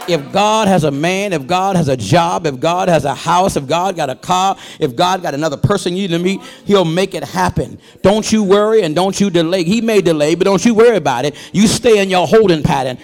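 Man, middle-aged, high-pitched, preaching, impassioned, rhythmic refrains, chanted "uh" lead-ins. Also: darkish tone, soft background music. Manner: breaks into chanted delivery with drawn-out "uh" lead-ins. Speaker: guest preacher. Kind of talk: sermon.

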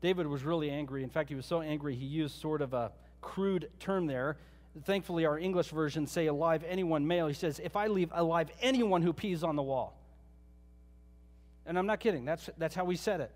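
High-voiced man preaching in a hall. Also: a little fast, a little mellow. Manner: conversational storytelling, retelling scripture with asides. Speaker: pastor. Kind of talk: sermon.

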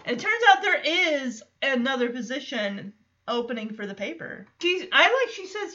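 A woman's voice: high voice, very animated, normal speed, pushed and bright, dull audio. A woman hosting a podcast, recapping a show episode in a chatty, amused way with loose filler words. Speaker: podcast host.

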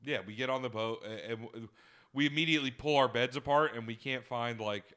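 Bright, clear-voiced young man telling stories. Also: medium pitch, brisk. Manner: rambling, profane, laughing often. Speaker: podcast co-host. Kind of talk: casual storytelling chat.

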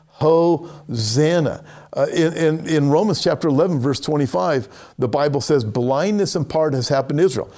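A man preaching a sermon, emphatic, lifting his voice on quoted lines and slowing down to stress key words. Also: warm tone. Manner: emphatic, rises in pitch for scripture quotes, slows to stress words. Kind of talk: sermon on prophecy.

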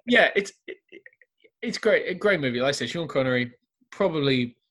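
A man's voice: a little high, animated, normal speed, a bit bright. A man in a casual chat about films, wry and joking, laughing at his own remarks.

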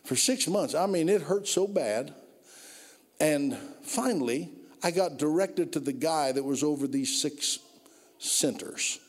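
A man preaching a sermon, telling stories and building from low, quiet passages to loud, drawn-out climaxes. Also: expressive. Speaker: pastor. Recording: long reverb of a hall.

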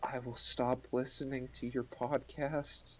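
A podcast co-host chatting casually, animated and joking with playful mock outrage. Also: medium pitch, unhurried. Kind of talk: casual fan podcast chat.

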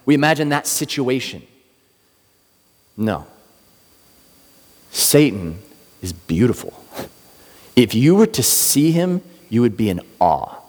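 A man's voice: medium pitch, very animated, slow, long pauses, a little mellow. A middle-aged man preaching a sermon, telling a personal story and acting out the voices of the people in it. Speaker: pastor. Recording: long hall reverb.

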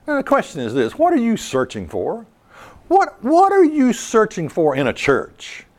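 Lively high-pitched male preacher. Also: moderate pace. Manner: animated preaching, mocking impressions and storytelling. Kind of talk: sermon.

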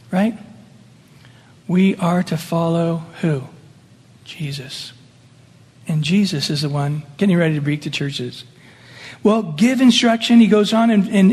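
Middle-aged male pastor, high husky voice, conversational sermon full of laughs and put-on voices, heard in a church hall with long reverb. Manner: conversational, laughing asides, acts out quoted voices. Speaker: senior pastor.

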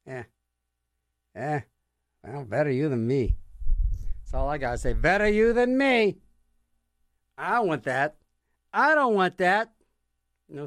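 Rambling, animated man radio DJ. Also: mid-range voice, normal speed, long pauses, no room sound, clean studio sound. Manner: rambling and joking, acts out little scenes. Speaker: radio show host. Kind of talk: casual radio DJ chatter.

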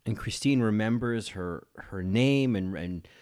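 A man hosts a podcast and talks through a film scene in casual commentary. He is animated and gushing, with campy asides, and his voice sits on the low side. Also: unhurried. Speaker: podcast host and film reviewer.

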